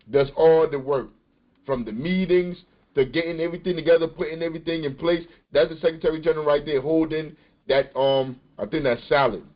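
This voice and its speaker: Guy hosting a podcast, hammers his point by repeating stuff, muffled lo-fi sound. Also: a little high. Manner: emphatic, repeats phrases for stress. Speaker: podcast host. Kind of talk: casual commentary over video clips. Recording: dull lo-fi recording.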